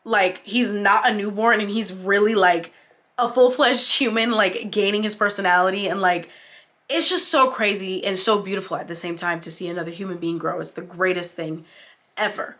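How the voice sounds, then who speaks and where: Young woman, casual sit-down vlog, bright tone, heartfelt, encouraging, chatty. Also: medium pitch, steady tone, normal speed. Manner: chatty, heartfelt, many "like" fillers; encouraging, speaks to other mothers as "mama". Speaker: vlogger.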